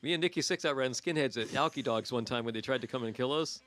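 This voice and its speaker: A man in his sixties rattles off stories at a brisk clip as a podcast guest. His pitch sits in an ordinary middle range, and he keeps breaking into laughter. He acts out the voices of the people in his stories. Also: fairly bright tone, faint music behind. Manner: laughs a lot, acts out quotes. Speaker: guest musician. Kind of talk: casual storytelling chat.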